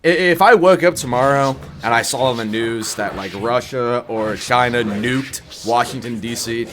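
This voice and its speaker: A man's voice: mid-range voice, moderate pace. A young man with a stuffed-up, scratchy voice, a gaming YouTuber talking bluntly and profanely in a casual rant before a game build guide. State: congested, scratchy voice.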